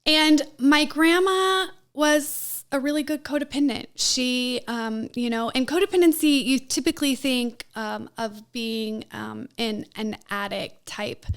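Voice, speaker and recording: Woman, podcast guest: slow, higher-pitched voice, emotional storytelling with laughs. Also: clear, resonant tone. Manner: emotional, laughs often, many fillers. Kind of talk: personal storytelling interview.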